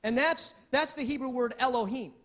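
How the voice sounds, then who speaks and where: High-voiced male pastor preaching. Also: normal speed. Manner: lively, conversational preaching with frequent restarts. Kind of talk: sermon.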